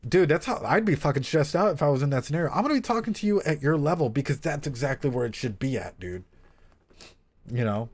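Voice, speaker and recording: A young man who works as a therapist, chatting casually to his stream viewers while reacting to anime, animated and swearing freely. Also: on the high side, fast.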